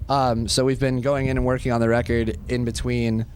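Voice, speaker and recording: A young man in his twenties, a band member giving a casual backstage interview, laid-back and quick to laugh. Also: mid-range voice, flat delivery, darkish tone, slight background noise. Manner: laid-back, laughs often, jokes with bandmates. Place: backstage at a music venue.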